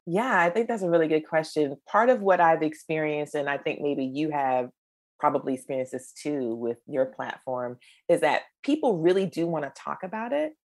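Woman, middle-aged, from the United States, low voice, animated storyteller, conversational podcast guest. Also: normal speed. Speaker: guest, creator of a menopause storytelling project.

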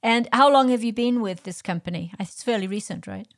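A woman's voice: fairly high pitch, a little fast. A woman hosting a podcast interview, curious and asking direct questions. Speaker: podcast host.

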